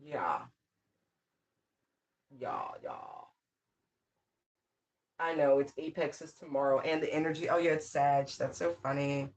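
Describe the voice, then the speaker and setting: A woman giving a casual spiritual tarot reading, emphatic and outspoken. She repeats her phrases, swears freely and breaks into excited whoops. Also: sits low, measured pace, pauses often. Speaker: tarot reader.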